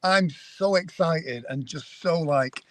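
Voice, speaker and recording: An effusive British man calling in on his phone from a parked car, his voice a little high for a man. He gushes eagerly and chattily, heard dry and close. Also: slow, a bit bright, dry recording. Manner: enthusiastic and effusive. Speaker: guest, author of the foreword. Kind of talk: casual video call chat.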